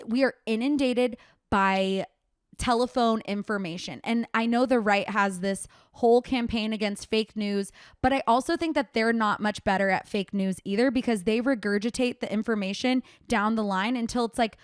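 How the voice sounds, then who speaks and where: A young woman hosts her own podcast alone and rants in a fired-up way, with plenty of swearing. Her voice sits a little high. The sound is close and dry, with no room around it. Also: normal speed, smooth, no echo. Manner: fired-up ranting, frequent swearing. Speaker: podcast host. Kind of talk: solo commentary podcast.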